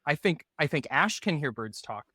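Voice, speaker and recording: A man's voice: on the high side, big pitch swings, moderate pace, pushed and bright, no echo, studio quality. A man narrating as game master for a tabletop game, rambling and hesitant with lots of fillers.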